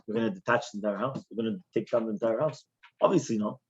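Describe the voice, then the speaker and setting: A man, a rabbi, teaching a Talmud class in an animated way, often checking in with questions. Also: on the low side, quick pace, breathy edge. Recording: dull lo-fi recording.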